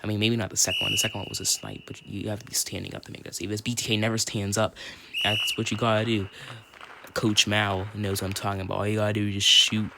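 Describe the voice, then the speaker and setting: A young man doing casual play-by-play commentary for an online hockey league on his phone, rambling and correcting himself, then shouting when someone scores. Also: on the low side, fast, creaky, heavy background noise. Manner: rambling, self-correcting, bursts into excited shouts on goals.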